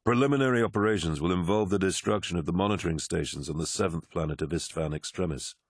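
A man voicing a towering male warlord commander in an audiobook, speaking in a cold, measured, commanding way. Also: low voice, no echo, studio quality. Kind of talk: audiobook character voice.

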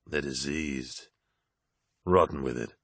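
A man voicing a grim, wary armoured warrior officer in a low, steady tone, in an audiobook reading. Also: slow pace, breathy edge, no echo, clean studio sound, full character voice. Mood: uneasy.

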